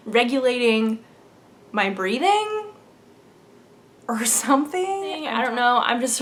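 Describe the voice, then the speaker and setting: A woman's voice: on the high side, bright, forceful tone. A young adult woman hosting a knitting podcast, chatting casually and bubbly, laughing often. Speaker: podcast host. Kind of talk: casual chat.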